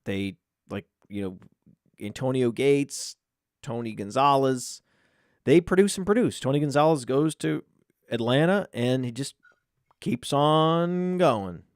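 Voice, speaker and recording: An opinionated man gives quick takes in a casual fantasy football chat, stuttering a little as he gets his points going. His voice sits at a middle pitch. The recording is dry and close. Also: expressive, no room sound. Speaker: podcast guest.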